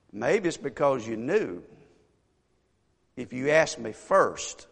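A man preaching a sermon as a pastor, telling a story with animated asides and rhetorical questions to the congregation. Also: medium pitch, very slow, vocal fry, slightly rough. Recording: echoey church hall.

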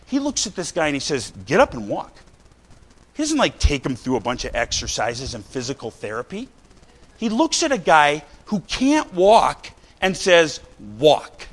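A man preaching a sermon, talking to the congregation in a casual way, with many "right?" and "you know" asides and shouts for emphasis. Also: on the high side, wildly swooping pitch, normal speed. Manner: conversational, rising to shouts of emphasis.

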